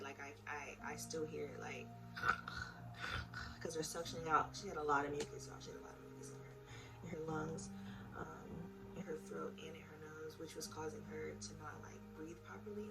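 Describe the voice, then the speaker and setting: A young woman telling her own story in a casual, emotional way, speaking straight to her viewers. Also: low voice. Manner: chatty, emotional, addresses viewers directly. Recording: voice a bit far from the mic with music behind. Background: background music.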